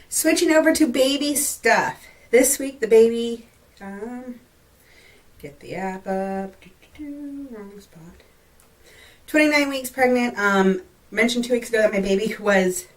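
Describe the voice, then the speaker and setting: A young woman from Texas chatting casually in a pregnancy vlog, laughing often, full of fillers and a little short of breath. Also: medium pitch. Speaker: vlogger. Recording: voice a bit far from the mic.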